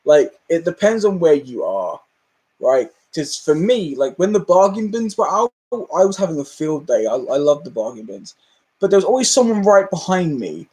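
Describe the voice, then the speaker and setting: A man with a British accent and a notably high-pitched voice hosts a casual live stream. He rants in a chatty way, laughs often, and acts out the people in his stories. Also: very animated, normal speed, darkish tone. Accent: British English.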